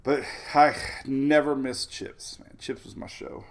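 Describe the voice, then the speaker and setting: A man's voice: medium pitch, fairly even intonation, a little slow, vocal fry. A man hosting a casual weather livestream, walking through maps and rambling off topic in a chatty way. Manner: talks over weather maps on screen. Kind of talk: casual tropical weather briefing.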